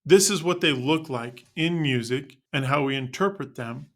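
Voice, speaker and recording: A man's voice: mid-range voice, normal speed. A man teaching band students how to end notes, narrating a scripted lesson in an upbeat, explanatory way.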